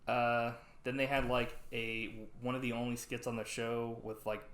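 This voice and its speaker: Male podcast co-host, middling pitch, rambling storyteller, roomy echo on the voice. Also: normal speed. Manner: rambling, animated retellings with acted-out quotes. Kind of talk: casual chat reviewing old sketches.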